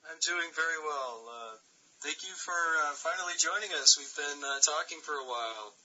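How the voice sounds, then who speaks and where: A man's voice: fairly high pitch, normal speed, bright, forceful tone, slightly rough, muffled recording. A man casually moderating a group call, easygoing and hesitant, with fillers.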